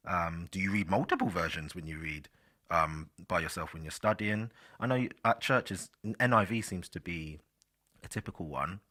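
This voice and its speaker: A man's voice: low-pitched, moderate pace, bright, forceful tone. A man hosting a solo podcast, chatting casually and rambling with fillers, speaking directly to his listeners. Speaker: podcast host.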